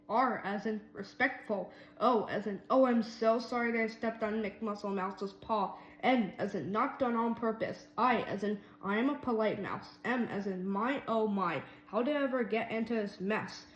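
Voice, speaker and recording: A woman's voice: mid-range voice, normal speed, hardly any pauses, natural voice. Nervous polite boy mouse, stammering, read by a woman, roomy sound. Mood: flustered. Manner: stammering, anxious. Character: timid, polite male mouse narrator.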